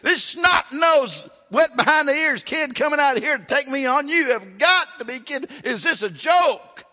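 A man voicing a scornful giant warrior who shouts mockingly at a boy he thinks is no threat. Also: extremely high pitch, expressive, normal speed, in a large hall, voice pushed up, full character voice.

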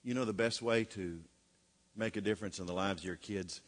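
A man's voice: fairly low pitch, a little fast. A middle-aged man preaching a sermon in a folksy way, with joking asides and rhetorical questions. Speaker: pastor.

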